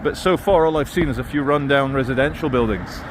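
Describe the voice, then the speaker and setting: A man's voice: mid-range voice, fairly quick, noisy background. A man walking through town streets and filming himself, giving wry, sarcastic running commentary as a YouTuber. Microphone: handheld camera mic while walking.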